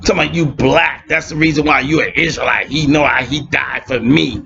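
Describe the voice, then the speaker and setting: A man in an impassioned religious rant, streetwise and mocking, swinging between shouting and muttering. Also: on the high side, steady tone, fairly quick, gravelly, hardly any pauses. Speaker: religious video blogger. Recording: muffled lo-fi with faint hiss.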